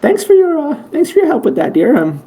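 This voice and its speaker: A man putting on a sweet high nurse lady. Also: huge pitch swings, brisk, warm tone, full character voice. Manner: sweet, calls everyone dear. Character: kindly female nurse, middle-aged.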